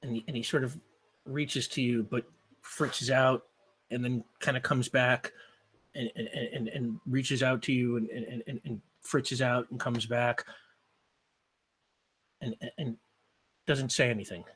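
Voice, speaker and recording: A man narrating a tabletop game as game master, halting and stacking repeated words and fillers. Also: medium pitch, fairly even intonation, fairly bright tone, slight background noise.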